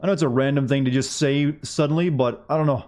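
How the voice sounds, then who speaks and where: A man's voice: mid-range voice, fairly even intonation, fast talker, a little mellow. Man rambling jokes over his gameplay. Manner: rambling, joking asides to chat. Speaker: game streamer. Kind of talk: casual gameplay commentary.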